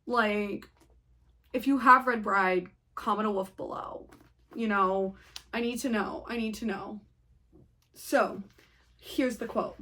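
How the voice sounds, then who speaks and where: A woman's voice: mid-range voice, fairly even intonation, slow, pauses often, sharp tone. A young woman chatting casually through a book review, rambling and saying "like" a lot.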